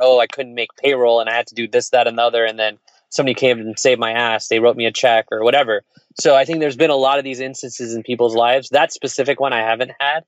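A man's voice: medium pitch, no room sound. Man, snel pratend, openhartig verhalend met wat gevloek; doffe droge lo-fi opname. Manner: fast, candid, profane, with frequent fillers and restarts. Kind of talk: candid storytelling conversation. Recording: dull lo-fi dry sound.

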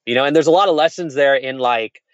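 A man in his forties, an entrepreneur, telling a personal story in casual conversation, frank and quick with restarts and laughs. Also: medium pitch, no echo, dull audio. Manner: fast, candid, laughs and restarts often. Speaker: entrepreneur, podcast guest.

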